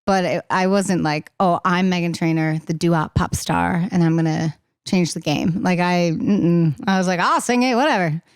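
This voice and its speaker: A young woman in casual podcast chat as a singer-songwriter guest, talking fast and laughing, acting out the voices she quotes. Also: on the low side, fairly even intonation, darkish tone, clean tone, no room sound, studio quality.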